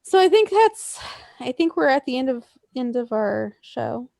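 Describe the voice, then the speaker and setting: A woman co-hosting a casual podcast chat, excitable and swearing freely, laughing often. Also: high voice, measured pace, creaky, no room sound, clean studio sound. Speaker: podcast co-host.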